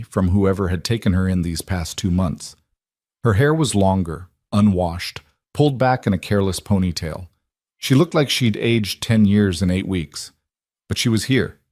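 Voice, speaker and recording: A male storyteller reading a scripted emotional tale in a slow, measured, somber delivery. His voice sits on the low side. The recording is close and completely dry. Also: darkish tone, no room sound. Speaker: narrator.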